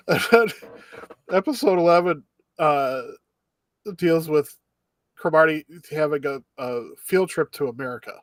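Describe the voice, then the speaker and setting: Laughing man, higher voice, dry sound. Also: measured pace, pauses often, no echo. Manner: laughs often while recapping. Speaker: podcast co-host. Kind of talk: casual anime recap chat.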